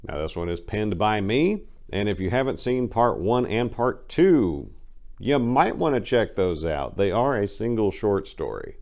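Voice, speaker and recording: A man hosting his channel and giving an expressive, theatrical dramatic story reading. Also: sits low. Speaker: writer and channel host.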